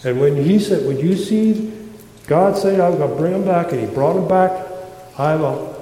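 A man preaching a sermon with passion, repeating words for emphasis and swinging from loud declarations to hushed tones. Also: fairly high pitch, normal speed, slight background noise. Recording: echoey hall.

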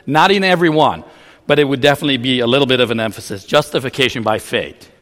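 A man's voice: mid-range voice, quick pace, fairly bright tone, long reverb tail. A man preaching a teaching sermon, explaining ideas in a loose way with frequent restarts.

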